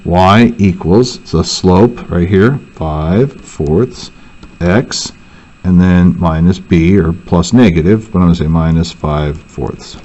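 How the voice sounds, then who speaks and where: Male teacher, lowish voice, talks through math steps aloud, muffled lo-fi screen recording. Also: slow pace, dark tone. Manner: thinks aloud, self-correcting. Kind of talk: worksheet walkthrough lesson.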